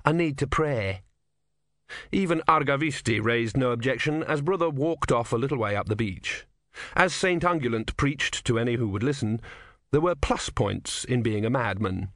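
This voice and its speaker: A male narrator reads a comic novel in a wry, measured storytelling voice. His pitch sits in the middle of the range. The studio recording is dry, with no room sound. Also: animated, a bit bright, no echo. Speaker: audiobook narrator. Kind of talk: scripted narration.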